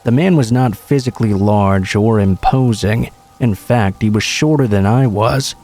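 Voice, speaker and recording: Man, horror story narrator, scripted narration, steady measured delivery, lowish voice, faint music behind.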